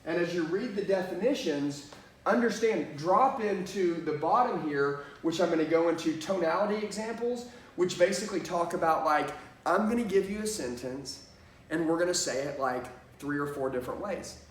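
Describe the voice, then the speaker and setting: A man's voice: fairly high pitch, moderate pace, far from the mic. Emphatic male sales trainer in an echoey room. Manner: emphatic, repeats "okay?" and "watch this". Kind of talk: energetic sales training lesson.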